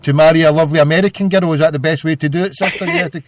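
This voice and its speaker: A man's voice: on the high side, fairly even intonation, rapid-fire, no echo. A Scottish man hosting a call-in radio show, rambling and jokey, with a lot of stumbling restarts. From Scotland. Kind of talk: casual call-in radio chat.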